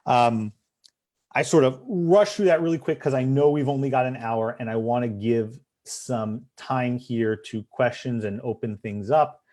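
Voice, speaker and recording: A man's voice: medium pitch, a little slow, a little mellow. A man, an immigration attorney, explaining visa options in a webinar, with frequent fillers and restarts. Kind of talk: webinar presentation.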